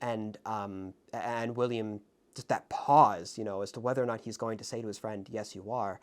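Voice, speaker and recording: A man hosting his own film review video, talking to camera in a reflective, halting way with many fillers and restarts, earnest and openly moved. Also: fairly low pitch, steady tone. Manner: ornate formal sign-off. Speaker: film review channel host. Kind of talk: casual spoken film commentary to camera. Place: indoors in front of a camera.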